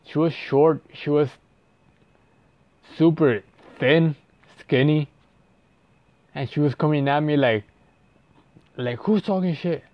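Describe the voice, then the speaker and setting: A man's voice: fairly high pitch, fairly even intonation, slow pace, long pauses, no echo, highs cut off. A young man telling a story casually, rambling and profane, with lots of "like" fillers and restarts.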